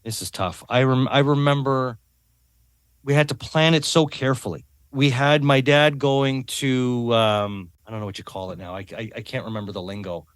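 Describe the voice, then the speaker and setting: A man's voice: medium pitch, steady tone, moderate pace, clear, resonant tone, dry recording. A man as a podcast guest talking earnestly in a casual conversation, often repeating words and adding tag questions.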